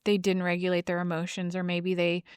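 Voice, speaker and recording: A woman's voice: on the low side, completely flat delivery, brisk, clean tone, dry recording, studio quality. A woman hosting a podcast, talking casually in a blunt, emphatic way with plenty of swearing. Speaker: podcast host. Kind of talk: casual monologue.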